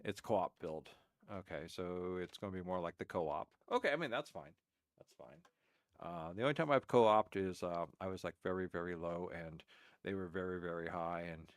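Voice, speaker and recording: A man's voice: deep voice, lively intonation, normal speed, dry recording, studio quality. A man reacting to a game stream, telling rambling stories with many restarts and fillers. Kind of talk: casual reaction commentary.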